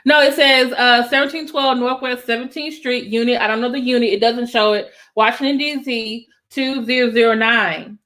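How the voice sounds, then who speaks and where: A woman doing casual live-stream commentary, excitable and talking straight to her viewers. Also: normal speed, few pauses. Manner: excitable, exclaiming to viewers, voice jumps higher when excited. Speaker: YouTube commentator.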